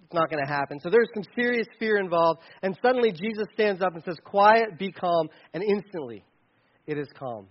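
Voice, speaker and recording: A man preaching a sermon in a conversational, animated way, sometimes shouting for emphasis. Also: high-pitched, brisk, highs cut off. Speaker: pastor.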